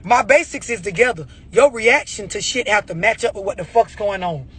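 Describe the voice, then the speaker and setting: High-pitched man going off in a preachy rant, husky and bright. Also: animated, normal speed. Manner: blunt, preachy, heavy on rhetorical questions. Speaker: motivational speaker. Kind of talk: profane motivational rant.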